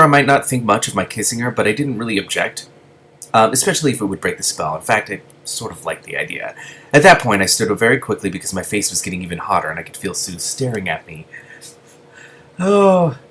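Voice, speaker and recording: A man's voice: fairly low pitch, a bit bright. A man reading a novel aloud and breaking in with gushing asides. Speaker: reader.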